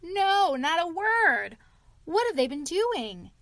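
Storybook: woman reading a showy, excitable toad gentleman, dry close sound. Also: fairly high pitch, slow, dry recording, full character voice. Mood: alarmed. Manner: dramatic, theatrical exclamations. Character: boastful excitable male toad, middle-aged.

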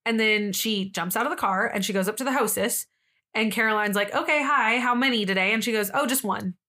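A woman's voice: medium pitch, a little fast, sharp tone. Chatty young woman podcast host. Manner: chatty storyteller, acts out quotes, lots of "like". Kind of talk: casual true-crime chat.

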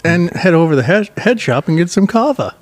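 A man's voice: high-pitched, big pitch swings, fairly quick, no echo. A man co-hosting a podcast in casual crude banter, laughing often and swearing freely. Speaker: podcast co-host.

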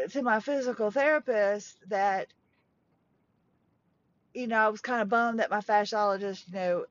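A woman's voice: medium pitch, dry recording. A middle-aged woman talking casually from inside a parked truck, rambling with restarts and small laughs. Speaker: podcast host. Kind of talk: casual monologue. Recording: dull lo-fi sound.

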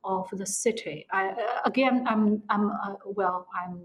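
A woman's voice: medium pitch, rough recording. Interview guest: middle-aged woman with a Chinese accent, speaking hesitant, broken English. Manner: non-native English, halting with restarts, laughs often. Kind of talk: conversational interview answer.

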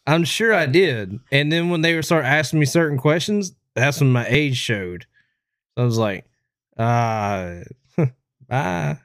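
A man in his thirties chatting on a podcast, with a pitch that sits a bit high and swings widely as he laughs his way through stories. The sound is dry and close, with no room around it. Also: animated, moderate pace, a bit bright, no echo. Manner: laughs often, tells stories. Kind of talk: casual chat.

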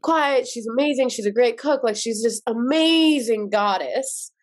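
A woman from Iran in her thirties, a podcast guest telling personal stories in a lively, quick way with many "like" fillers. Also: fairly high pitch. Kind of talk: animated personal storytelling in a podcast interview.

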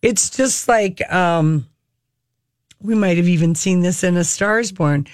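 A tired woman co-hosting a podcast, chatty and quick to laugh in casual talk. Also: fairly low pitch, a little mellow, no room sound, studio quality. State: tired, short on sleep. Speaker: podcast co-host. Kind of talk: casual chat.

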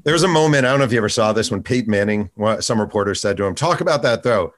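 Fast-talking low-voiced male podcast host. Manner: quick, lively questions and reads aloud from a book. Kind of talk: casual interview conversation.

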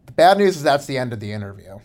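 A man's voice: medium pitch, big pitch swings, quick pace, a little mellow. A man co-hosting a podcast, chatting casually with playful, rambling asides. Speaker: podcast co-host. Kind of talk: casual chat.

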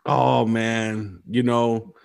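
A man's voice: medium pitch, very slow, creaky, clean tone. Easygoing male podcast host. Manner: relaxed, easygoing, lots of "you know" fillers. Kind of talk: casual interview chat.

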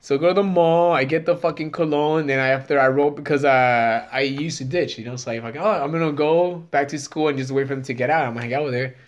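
A man's voice: mid-range voice, quick pace, hardly any pauses, highs cut off. A man in his thirties, a comedian guest telling a story in casual chat, profane and rambling with many fillers.

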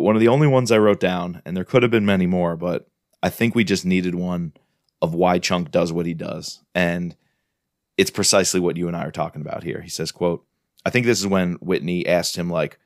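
A man's voice: deep voice, fairly even intonation, brisk, no room sound, clean studio sound. A man co-hosting a podcast, chatting enthusiastically about a thriller novel and reading quotes aloud. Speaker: podcast co-host. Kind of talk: casual book review chat.

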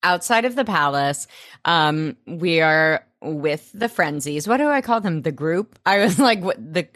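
A woman co-hosting a podcast, recapping a TV episode in casual chat, animated and swearing freely as she acts out lines. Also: low voice, measured pace, no echo, clean studio sound. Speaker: podcast co-host.

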